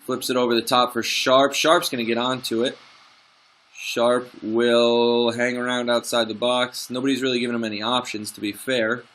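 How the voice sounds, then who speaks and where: Narrating his football management game like a commentator, a young man goes from excitable calls to frustrated grumbling about his team in this let's play commentary. His voice is bright and ringing at a man's mid-range pitch, at a moderate pace.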